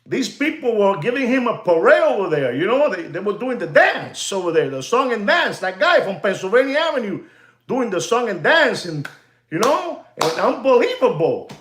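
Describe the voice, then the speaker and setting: A man with a high-pitched voice rants in an echoey room. He hosts a watch dealer's livestream, hammering every point with repetition and slipping Spanish phrases in. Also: sing-song, normal speed, a bit bright. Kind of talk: ranting livestream monologue.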